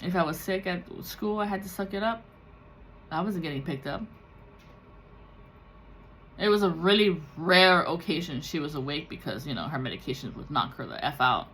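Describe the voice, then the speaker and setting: A woman's voice: low voice, lively intonation, normal speed, pauses often, fairly bright tone, slight background noise. A woman tarot reader talking raw and confessional in a personal vlog, swearing freely and slipping into the voices of people she quotes. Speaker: tarot reader and spiritual content creator. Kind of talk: candid emotional personal vlog.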